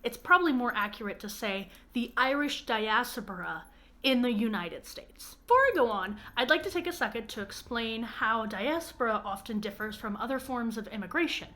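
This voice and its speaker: Woman, educational vlog, self-deprecating, nitpicky, slightly high pitch. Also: lively intonation, normal speed, pushed and bright. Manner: self-mocking, academic nitpicking. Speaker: anthropology video creator.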